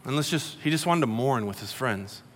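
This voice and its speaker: A man's voice: medium pitch, expressive, normal speed, fairly bright tone, slight background noise. A middle-aged man preaching a sermon in a conversational, storytelling way, acting out quotes. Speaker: pastor. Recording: long hall reverb.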